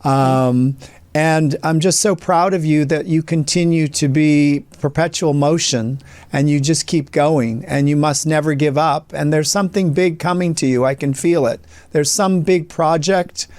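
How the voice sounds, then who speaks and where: A man's voice: on the high side, steady tone, unhurried, a little mellow, dry recording. A man hosting an interview, asking questions and offering upbeat encouragement. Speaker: interview host.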